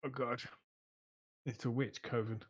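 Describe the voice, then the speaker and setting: A man's voice: mid-range voice, little pitch movement, measured pace, husky. A man playing a tabletop game, hesitant and jokey. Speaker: player. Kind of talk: tabletop role-play.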